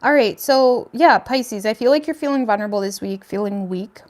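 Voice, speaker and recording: A tarot reader hosts a casual reading and talks straight to her viewers in a chatty way, often hedging with "I feel like." Her voice is fairly high and darkish in tone, at normal speed.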